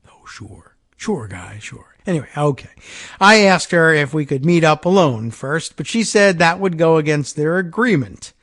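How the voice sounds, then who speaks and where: A man's voice: a little high, moderate pace, dry recording. A man hosting a talk show, reading a first-person story aloud and breaking off for dry, muttered sarcastic asides. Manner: reads a first-person account, dropping to quiet sarcastic asides. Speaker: podcast host.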